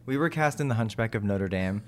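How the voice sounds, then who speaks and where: A fairly low-voiced man from Texas talks through a relaxed interview. He rambles cheerfully, mocks himself and slips into quoted voices of people he has met. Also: brisk. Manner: chatty, self-mocking, full of asides and quoted voices. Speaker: actor and TV host, interview guest. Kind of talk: casual chat.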